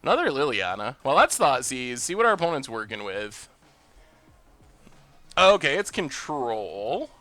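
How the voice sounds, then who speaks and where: A man hosting a live game stream, thinking out loud about his plays and bursting into loud cheers when things go his way. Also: medium pitch, sing-song, measured pace, long pauses, no room sound. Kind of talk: live gameplay commentary.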